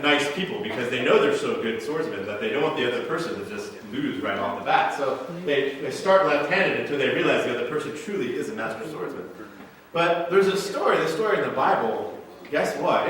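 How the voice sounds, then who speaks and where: A Midwestern American man in his thirties, a pastor preaching a sermon and retelling a movie scene with lively, animated storytelling. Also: mid-range voice. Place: church sanctuary. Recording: echoey church sanctuary, mic at a distance.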